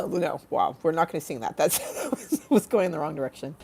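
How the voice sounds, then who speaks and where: A woman with a notably low, hoarse voice, still rough from a flu, chats casually as a livestream host. She rambles and jokes, drops curse words freely, and wanders off into one tangent after another. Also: normal speed, hardly any pauses, dark tone, slight background noise. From United States. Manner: rambling, jokey, swears freely, goes off on tangents.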